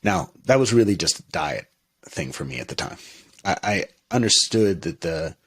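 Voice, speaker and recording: Low husky-voiced man, halting and reflective. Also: lively intonation, a bit bright. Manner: halting, many restarts and fillers, thoughtful. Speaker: minister, interview guest. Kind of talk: reflective conversational interview.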